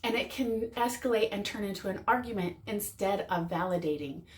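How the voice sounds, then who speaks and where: A woman's voice: medium pitch, a little fast. A woman relationship coach giving earnest advice straight to camera, repeating words for emphasis. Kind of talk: direct-to-camera advice talk.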